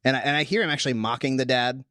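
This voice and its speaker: Excitable man thinking aloud, dry sound. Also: mid-range voice, very fast, no echo. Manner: animated, thinks aloud with restarts. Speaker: podcast host. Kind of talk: casual Bible discussion.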